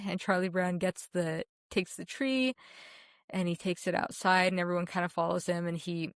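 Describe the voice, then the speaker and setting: Heartfelt woman, low for her sex. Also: steady tone, a little fast, no echo, studio quality. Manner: heartfelt, emotional, many restarts. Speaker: podcast co-host. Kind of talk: casual film chat.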